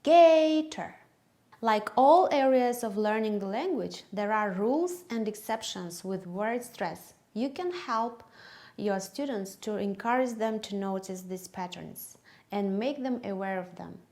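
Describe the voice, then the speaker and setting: A woman with a Kyrgyz accent, a teacher trainer giving a methodology lesson to English teachers, speaking slowly and carefully and stretching words to show their stress. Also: mid-range voice, darkish tone.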